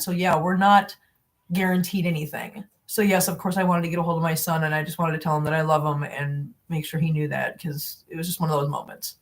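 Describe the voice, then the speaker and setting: A woman around sixty, chatting on a live stream from her home in a rambling, heartfelt way, and cooing baby talk at her cats. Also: fairly low pitch. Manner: rambling, heartfelt, repeats herself. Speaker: cat-channel host. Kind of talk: casual live-stream chat.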